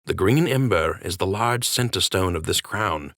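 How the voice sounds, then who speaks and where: A man voicing a solemn male rabbit king who speaks gravely and earnestly. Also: sits low, lively intonation, normal speed, fairly bright tone, no room sound, studio quality.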